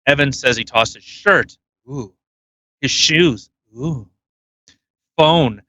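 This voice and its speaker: A man's voice: mid-range voice, a little slow, sharp tone, no echo, dull audio. A man hosting a podcast in casual chat, full of provocative jokes and banter. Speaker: podcast host.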